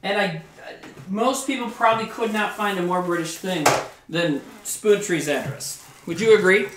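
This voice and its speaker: A man's voice: sits high, moderate pace, fairly bright tone. A man streaming live while cooking in his home kitchen, rambling, swearing now and then, and chatting with his viewers. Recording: roomy kitchen with faint background noise.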